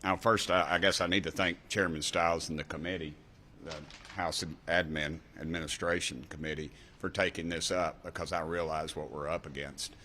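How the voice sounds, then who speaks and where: A deep-voiced man in his sixties with an East Tennessee drawl speaks at a press event, folksy and fired-up. He hammers home short repeated refrains, with a faint hum of ambience behind him. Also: fairly even intonation, moderate pace, bright, forceful tone. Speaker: congressman. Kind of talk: fiery press conference remarks.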